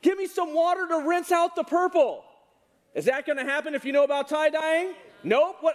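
High-voiced man preaching in a hall. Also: normal speed. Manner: animated, asks the congregation questions. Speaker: pastor. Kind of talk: sermon. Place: church hall with congregation. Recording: reverberant hall.

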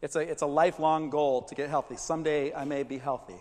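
High-voiced preacher in a reverberant hall. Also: male voice, fast talker. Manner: animated, conversational preaching with asides. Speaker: pastor. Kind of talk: sermon.

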